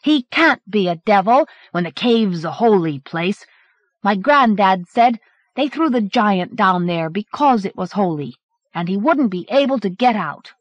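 A woman reading the lines of a shy schoolboy who speaks haltingly, from a dull 1980s cassette recording. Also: mid-range voice, expressive, dry recording. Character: hesitant quiet schoolboy.

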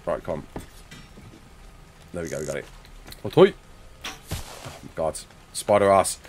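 A young English streamer with a low-sitting voice and big pitch swings speaks a little slowly, with slight background noise around him. He's playing a game live, chatting casually and reading out viewers' comments as he answers them, using a desk mic and face cam.

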